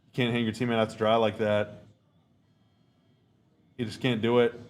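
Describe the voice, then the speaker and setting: A man's voice: medium pitch, little pitch movement, normal speed. A man hosting a podcast, giving casual live reactions to a game, rambling, repeating himself and stating blunt opinions. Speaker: podcast host.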